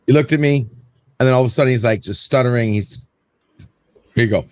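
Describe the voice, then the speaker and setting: A man's voice: mid-range voice, fast talker, darkish tone, no echo, studio quality. A man hosting a casual show, telling a story in a rambling way and acting out what people said. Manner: rambling storyteller, repeats words, acts out quotes. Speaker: show host.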